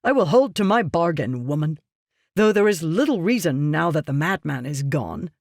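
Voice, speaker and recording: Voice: medium pitch, big pitch swings, moderate pace, no room sound, clean studio sound. An audiobook reader voicing a ruthless, scheming merchant man who talks down to others in a curt, lecturing way. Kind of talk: audiobook character reading.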